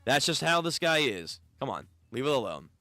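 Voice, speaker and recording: A man voicing an easygoing young man who calms his angry friend. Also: mid-range voice, moderate pace, no room sound, faint music behind. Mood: soothing. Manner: soothing, laid-back.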